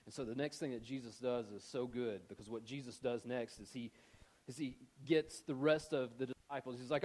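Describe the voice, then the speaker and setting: A male pastor preaching a sermon in a conversational, animated storytelling manner, mixing in casual slang. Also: medium pitch, normal speed.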